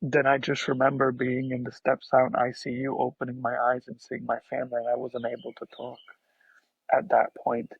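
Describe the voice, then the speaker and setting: Gravelly, husky man telling a story. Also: medium pitch, monotone, no echo, phone-quality sound. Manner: soft-spoken and halting, with frequent restarts. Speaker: podcast guest. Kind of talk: emotional personal storytelling.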